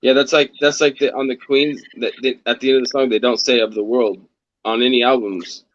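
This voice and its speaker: A man's voice: mid-range voice, steady tone, brisk, fairly bright tone, no room sound. A man talking loosely on a livestream, wandering from one thought to the next in a mid-range voice. The audio is dull and lo-fi. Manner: rambling, swears then apologizes. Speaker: guest on a livestream. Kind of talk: casual chat.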